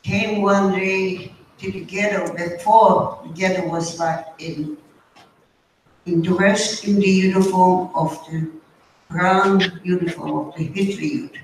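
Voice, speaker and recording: Older woman speaking slowly in an echoey hall. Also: on the low side, steady tone. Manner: slow and deliberate. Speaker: guest speaker. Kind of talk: storytelling testimony. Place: high school auditorium. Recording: distant mic, echoey hall, faint noise.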